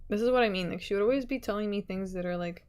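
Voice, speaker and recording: A woman's voice: mid-range voice, very fast, darkish tone, smooth. Chatty young woman streamer, laughing often. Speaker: livestreamer. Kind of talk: casual livestream chat reading comments.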